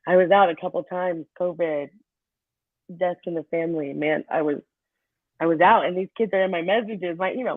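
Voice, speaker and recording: A middle school teacher from the Kansas City area in the US chats casually in an interview, animatedly telling stories about her students. She has a lowish voice and a moderate pace, laughs often, and imitates her students' voices. The recording is dry and tinny, like call audio.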